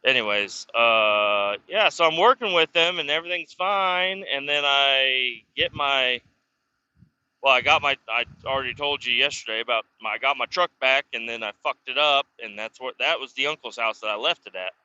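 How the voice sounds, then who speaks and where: While driving, a man vlogs about his life, telling rambling, foul-mouthed stories casually and chuckling now and again. He has a medium-pitched, pushed, bright, clean voice at normal speed, captured on dull audio.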